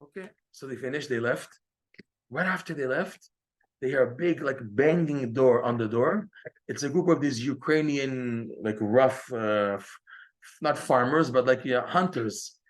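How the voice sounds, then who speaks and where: A man teaching a Torah class, telling a story in a lively way and acting out the quoted dialogue. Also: measured pace. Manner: animated, acts out quoted dialogue with raised pitch. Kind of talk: storytelling lecture.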